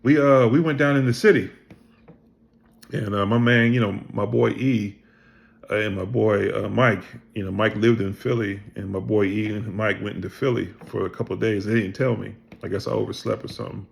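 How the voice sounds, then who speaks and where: Middle-aged male storyteller, low and gravelly, casual and animated, acts out quoted dialogue. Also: fairly quick. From Pennsylvania. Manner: animated storyteller who acts out other people's lines, swears freely. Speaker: vlogger telling his life story.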